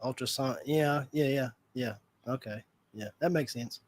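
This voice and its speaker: A man's voice: mid-range voice, a little slow. A man hosting a livestream in casual fan chat, rambling and leaning on fillers like "like" and "you know.". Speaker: livestream host.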